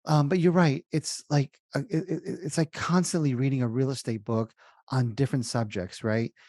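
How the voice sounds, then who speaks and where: A man speaking at an ordinary, middle pitch as a guest on an interview podcast. He talks casually and tells lively stories, acting out each exchange. The recording is dry and close, with no room sound. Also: moderate pace, no room sound. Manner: lively storyteller who acts out dialogue. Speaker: guest, real estate investor.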